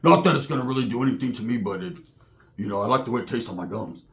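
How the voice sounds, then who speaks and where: Toothless stoned biker, put on by a man: low, slurred, drowsy. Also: animated, rapid-fire, a bit bright.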